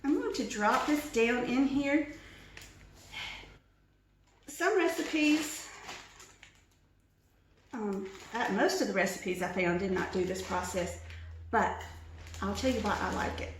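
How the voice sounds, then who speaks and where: A woman's voice: a little high, takes it slowly, pauses often, very echoey, far from the mic, a little hiss or hum, poor audio. A woman giving a casual cooking demonstration in her home kitchen, chatty and self-mocking, laughing often. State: teary from chopping onions.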